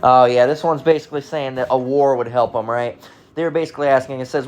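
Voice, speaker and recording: A man's voice: medium pitch, fairly even intonation, quick pace, faint music behind. An American man ranting casually in a heated, profane and sarcastic way, often restarting his sentences. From United States. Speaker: vlogger. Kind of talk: casual rant.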